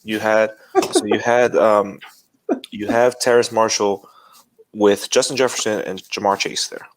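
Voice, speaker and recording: A man co-hosting a casual podcast, talking in a halting, playful way with frequent restarts. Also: lowish voice, steady tone, rough recording. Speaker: podcast co-host.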